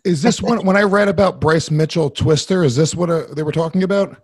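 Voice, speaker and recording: A man's voice: fairly high pitch, fairly quick, slightly rough, dry recording. Hesitant male co-host, dry close sound. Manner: hesitant, searching for words. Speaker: podcast co-host. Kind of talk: casual interview chat.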